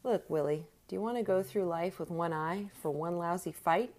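A woman's voice: lowish voice, normal speed, darkish tone, natural voice. Tired fight manager, short and curt, voiced by a woman. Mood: weary. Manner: curt, weary. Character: tired middle-aged boxing manager, curt.

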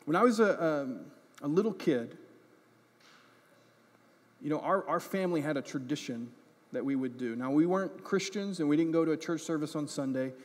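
A man's voice: on the high side, animated, normal speed, long pauses. A man preaching a sermon as pastor, impassioned and earnest, often repeating words as he builds a point. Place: church. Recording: echoey church hall.

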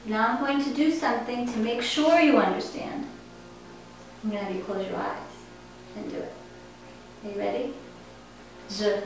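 A woman teaching a class, speaking slowly and encouragingly and repeating words for her learners. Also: a little high, a bit bright. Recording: echoey room, distant mic, faint noise.

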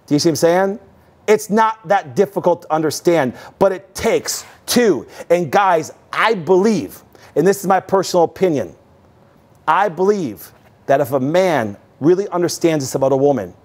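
A man's voice: high-pitched, darkish tone. A middle-aged man hosting a health talk, preaching emphatically and firing rhetorical questions at his audience. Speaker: host.

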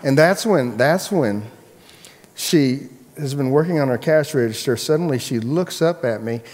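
A man, the pastor, preaching a sermon and telling a personal story in a relaxed, chatty way with frequent restarts. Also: medium pitch, moderate pace, big-room sound. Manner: casual storytelling, many restarts.

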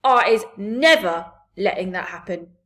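A woman voicing a huge, soft-hearted old male giant who talks with muddled grammar. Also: mid-range voice, animated, unhurried. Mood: remorseful.

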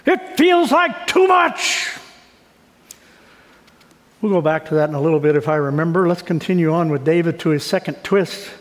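A man's voice: fairly high pitch, steady tone, fast, few pauses, darkish tone. A middle-aged man pastor giving a sermon, talking conversationally and building to emphatic, raised passages. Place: church sanctuary. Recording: long church hall reverb.

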